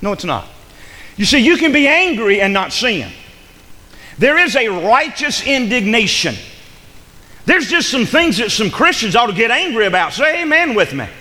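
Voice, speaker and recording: A man's voice: extremely high pitch, very animated, normal speed, pushed and bright. A male pastor preaching a sermon in a church, calling out for amens and building to fervent emphasis. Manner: preaching with rising fervor, call-and-response amens. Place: church sanctuary. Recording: long hall reverb.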